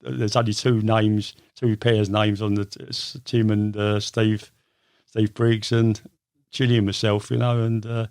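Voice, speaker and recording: Older man, from England, gravelly, lowish voice, rambling storyteller. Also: little pitch movement, measured pace, darkish tone, dry recording, studio quality. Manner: rambling, many fillers. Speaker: guest. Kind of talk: casual storytelling interview.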